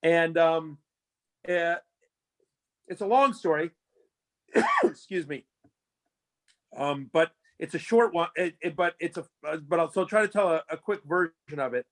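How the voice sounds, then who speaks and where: Man, interview guest, casual storytelling, lots of fillers, high-pitched. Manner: rambling, lots of fillers and restarts, animated retelling. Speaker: fantasy sports analyst guest.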